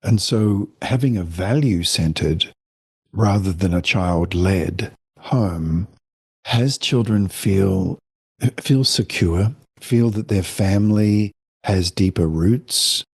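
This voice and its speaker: Low husky man, gentle and reflective. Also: slow, no room sound, clean studio sound. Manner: reflective, gentle, explains with examples. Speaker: guest, family counselor and author. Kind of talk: podcast interview.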